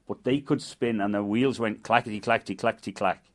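An older man with a Manchester accent telling a folk tale in a lively, dramatic way. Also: fairly low pitch, brisk. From England. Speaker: storyteller and guide. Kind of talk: folk storytelling.

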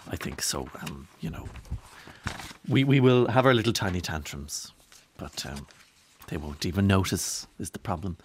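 A man's voice: lowish voice, a bit bright, no echo, studio quality. A man hosting a radio show, chatting wryly and at length and often letting his voice fall away. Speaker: radio host.

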